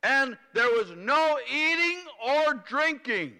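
High-voiced preacher in a reverberant hall. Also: male voice, animated, takes it slowly, bright, forceful tone. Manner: questions the congregation, repeats phrases for emphasis. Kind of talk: sermon. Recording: long reverb from a large hall.

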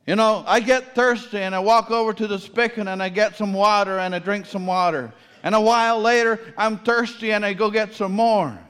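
A man's voice: high-pitched, steady tone, moderate pace, few pauses, fairly bright tone, clear, resonant tone, big-room sound. A man preaching a sermon, asking his listeners questions and repeating key phrases for emphasis.

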